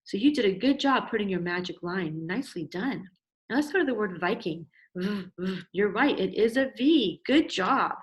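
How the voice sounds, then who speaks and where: A middle-aged woman teacher talks parents through a child's writing with steady encouragement. She praises often and slows right down to sound out each letter and word. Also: mid-range voice. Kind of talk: instructional video for parents.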